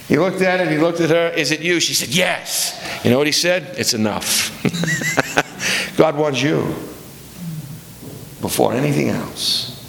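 A man's voice: fairly high pitch, unhurried, vocal fry, pauses often, a bit bright, a little hiss or hum. A man preaching a sermon as pastor, telling stories in a conversational, digressive way that corrects itself as he goes. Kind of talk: sermon with storytelling. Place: church sanctuary. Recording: roomy hall with long reverb.

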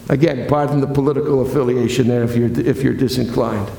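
A man's voice: medium pitch, fairly even intonation, fairly quick, vocal fry, mellow. A male pastor preaching a sermon, chatty and digressive, with asides and restarts, recorded in a church sanctuary. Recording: echoey hall with long reverb.

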